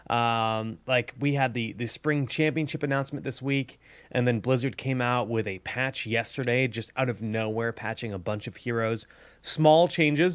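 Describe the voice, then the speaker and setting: A man talks through game news and hero builds in a casual, upbeat way. He fills his sentences with ums and "you know"s. His mid-pitched voice is recorded close and dry, with no room sound. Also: no room sound. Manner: upbeat, chatty, lots of fillers. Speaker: gaming channel host.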